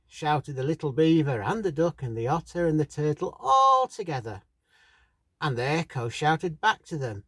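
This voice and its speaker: A man reading a children's story aloud in a slow, expressive storybook manner. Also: on the high side, no echo.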